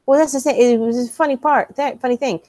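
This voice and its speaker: A woman's voice: sits high, fairly even intonation, quick pace, mellow, no echo. Female co-host, chatty and sweary, easy laugher, dry close sound. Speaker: podcast co-host. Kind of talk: casual chat.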